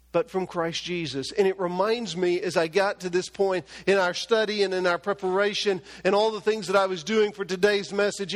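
A man with a high voice preaches a sermon to his congregation. He drives his points home through emphatic, stacked repetition. His voice rings with the long reverb of a large church hall. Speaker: pastor.

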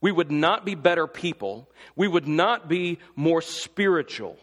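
A man preaches a sermon in a church sanctuary, his voice pitched fairly high. He presses his listeners with impassioned rhetorical questions. The sound rings with a long reverb from the hall. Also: lively intonation, measured pace. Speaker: pastor.

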